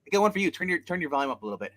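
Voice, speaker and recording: A man's voice: fairly high pitch, sing-song, racing, a bit bright. A man in a casual group chat, playful and pushing to get the floor. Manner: playful, pushy about getting the floor.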